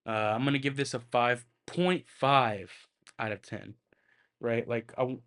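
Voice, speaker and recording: In a steady, medium-pitched, slightly bright voice, a man talks a little slowly through a casual solo movie review on his podcast. He meanders, keeps circling back with lots of filler, and swears freely as he goes.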